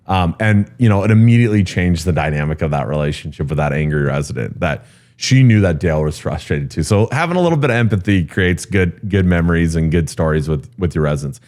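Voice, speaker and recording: A man being interviewed, telling workplace stories in a candid, animated way and often filling pauses with "um" and "you know". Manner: animated storyteller who jumps high when quoting people; frequent fillers like um and you know. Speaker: guest, real estate executive.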